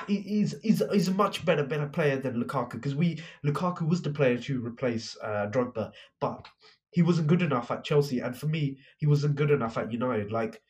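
A man's voice: mid-range voice, a little mellow. A young man co-hosting a casual football podcast, talking passionately and admitting he rants. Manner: passionate, ranting. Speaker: podcast co-host.

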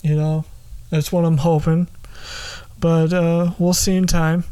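A man's voice: a little high, little pitch movement, a little slow, mellow, clean tone. A young man hosting a solo comedy podcast, rambling loosely with lots of fillers. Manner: loose, rambling, full of fillers and silly bits. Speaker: podcast host.

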